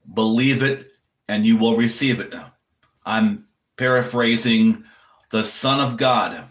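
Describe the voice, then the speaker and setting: Slow, earnest preaching man. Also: mid-range voice, a bit bright, roomy sound. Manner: earnest, repetitive exhortation addressed to the viewer. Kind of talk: sermon-style encouragement.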